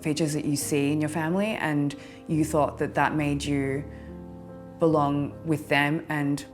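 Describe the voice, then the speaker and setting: Young woman with a low voice, speaking thoughtfully in a testimonial. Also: little pitch movement, unhurried, faint music behind. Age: young adult. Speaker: interviewee. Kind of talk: candid testimonial.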